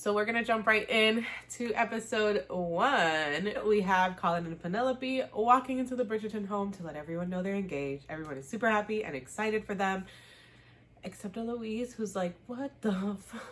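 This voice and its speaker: A young woman hosts a casual recap vlog in a bright, forward voice. She talks in a chatty, animated way, full of slang and quick asides. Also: mid-range voice. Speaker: show host.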